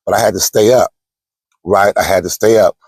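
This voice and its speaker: A man's voice: on the low side, a little fast, darkish tone, slightly rough, no room sound. A man, a truck driver giving casual vlog advice, chatty and storytelling, calling his viewers y'all. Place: parked truck at a truck stop.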